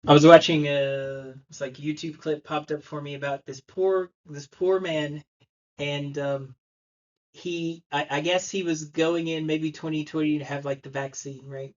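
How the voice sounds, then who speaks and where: A man's voice: a little high, level tone, unhurried, muffled recording. A man preaching a sermon, telling a story and acting out the people in it. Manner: storytelling, acts out the voices in his story. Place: church.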